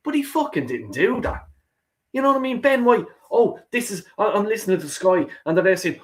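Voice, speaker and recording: Fired-up man ranting, lively pitch. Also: brisk. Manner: swears heavily, repeats himself, fired up. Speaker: host of a football call-in stream. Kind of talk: heated fan rant.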